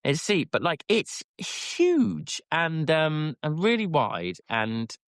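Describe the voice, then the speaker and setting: A man's voice: fairly high pitch, huge pitch swings, slow, clean tone, no echo, clean studio sound. A man, a rider guest on a podcast, telling his story animatedly, self-deprecating, with lots of restarts. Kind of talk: casual interview chat.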